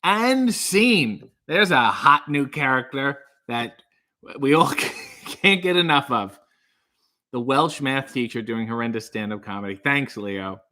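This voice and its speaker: A man's voice: mid-range voice, animated, a little slow, sharp tone. A man hosting a livestream, chatting casually and jokingly as he reads out viewer comments. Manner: rambling, jokey, self-deprecating. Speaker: livestream host.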